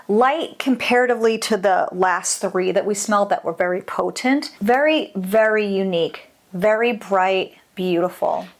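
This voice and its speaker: Speaking on the high side, this adult woman reviews a product as a candle maker, upbeat and casual, with frequent exclamations.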